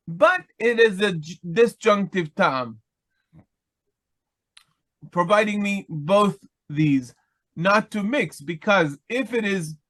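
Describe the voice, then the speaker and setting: A man teaching biblical Hebrew in an online lesson, explaining slowly with many pauses and fillers. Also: high voice, fairly bright tone. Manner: chants Hebrew text quickly.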